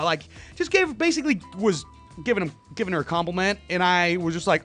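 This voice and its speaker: A young man with a high voice tells stories on a radio show in loose, slangy, laid-back chat. He laughs often as he talks. Faint music plays behind him. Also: lively intonation, fast, a bit bright. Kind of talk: casual chat.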